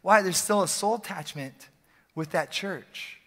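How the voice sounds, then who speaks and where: A male pastor preaching an energetic, joking, conversational sermon in a church service, often repeating phrases for emphasis. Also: high-pitched, measured pace. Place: church sanctuary during a service. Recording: long hall reverb from a church.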